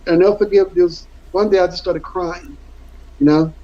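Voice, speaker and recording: Guy in an interview, earnest and rambly, keeps repeating himself, highish voice, kinda muffled audio. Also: fairly even intonation, moderate pace, warm tone. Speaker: interview guest, former football player. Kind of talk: candid interview storytelling. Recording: dull lo-fi audio.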